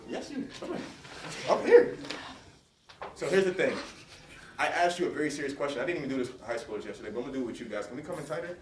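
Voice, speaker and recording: At a school assembly, a guest speaker talks fast in a medium-pitched voice, leaving long pauses as he leads loud call-and-response chants to hype up the students. The large hall is echoey, and the distant mic adds faint noise.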